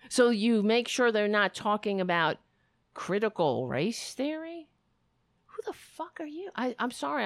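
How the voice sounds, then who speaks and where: A woman's voice: mid-range voice, no echo. Indignant woman ranting over the news. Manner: indignant, ranting, frequent restarts and swearing; reads news excerpts aloud between remarks. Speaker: political commentator. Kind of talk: impassioned political commentary.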